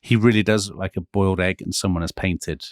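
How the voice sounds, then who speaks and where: A man co-hosting a history podcast, telling the story with animated emphasis. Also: low-pitched, brisk, no room sound, clean studio sound. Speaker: podcast co-host.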